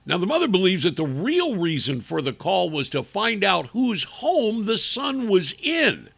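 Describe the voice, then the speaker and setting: A man's voice: high voice, sing-song, unhurried, creaky, fairly bright tone, breathy edge. A male radio talk show host giving sarcastic, indignant commentary with emphatic delivery.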